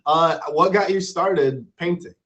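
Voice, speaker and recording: The stream host's voice is a little high and measured, heard on dull audio with slight background noise. He keeps things casual and playful with his guest and viewers, staying animated and shouting out his supporters.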